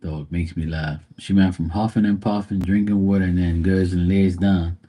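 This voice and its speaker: Low husky dude chilling on a live stream at home, dark mellow voice, joking with his dog and saying hi to viewers. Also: fairly even intonation, moderate pace. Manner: laid-back, teasing, greets viewers by name. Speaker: live stream tarot reader.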